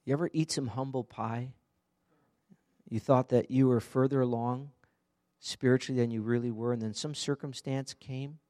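A man's voice: medium pitch, fairly even intonation, normal speed, warm tone. Earnest man preaching a sermon. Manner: earnest, conversational preaching with direct questions to listeners. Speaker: pastor.

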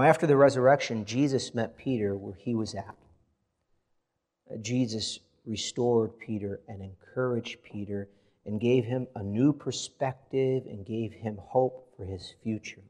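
Expressive male pastor preaching a sermon. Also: mid-range voice. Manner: expressive preaching, reads scripture aloud with rising emphasis.

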